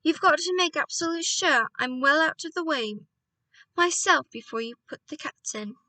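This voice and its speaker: An eager, excitable young boy who has been turned into a mouse, piping high and bright, as a woman reads him in a storybook. His lines bounce with lively ups and downs in pitch. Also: normal speed, no room sound, far from the mic, low-quality recording. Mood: urgent.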